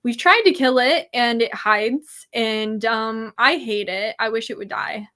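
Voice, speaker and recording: A woman's voice: fairly high pitch, a little slow, bright, forceful tone. A young woman from California, a guest in a casual chat who exaggerates everything for comic effect. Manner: dramatic, playfully exaggerated.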